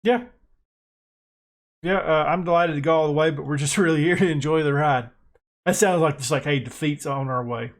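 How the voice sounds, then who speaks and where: American guy, gaming commentary, excitable, self-mocking, a bit high-voiced. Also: moderate pace, pauses often. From United States. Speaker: gaming YouTuber. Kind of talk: casual gameplay commentary.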